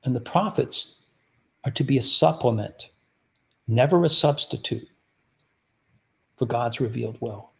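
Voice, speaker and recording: A man's voice: mid-range voice, a little slow, creaky, long pauses, a bit bright. A man preaching a sermon, teaching through rhetorical questions he puts to his listeners. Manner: rhetorical, repeatedly asks the audience "guess what".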